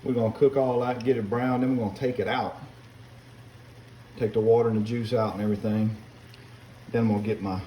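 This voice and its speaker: A man's voice: lowish voice, mellow, a little hiss or hum, low-quality recording. A man chatting casually while he cooks at the stove, rambling and folksy, calling his viewers y'all and son. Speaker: home cook. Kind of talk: casual cooking vlog chat. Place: kitchen, cooking at the stove.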